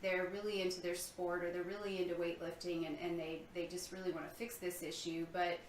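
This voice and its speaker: A woman's voice: fairly low pitch, flat delivery, a little fast, echoey room, slight background noise, low-quality recording. A woman interviewer asking long, searching questions, thinking aloud with many fillers.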